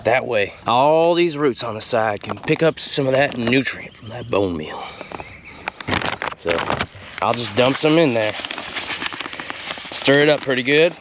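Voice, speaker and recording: A man hosting a comedic gardening tutorial outdoors in a folksy, drawling way, with deadpan innuendo. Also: mid-range voice, unhurried, long pauses, noisy background. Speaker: gardening show host.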